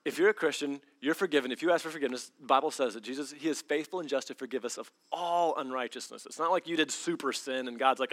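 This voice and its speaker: A man preaching a sermon in a lively storytelling manner, acting out voices with big swings in energy. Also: medium pitch, quick pace, hardly any pauses. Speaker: pastor.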